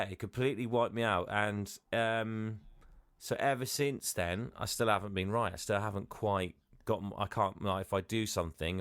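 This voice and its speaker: A man's voice: sits low, fairly bright tone, no room sound. Rambling man, dry sound. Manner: rambling, hesitant, laughs often. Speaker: podcast co-host. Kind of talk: casual chat.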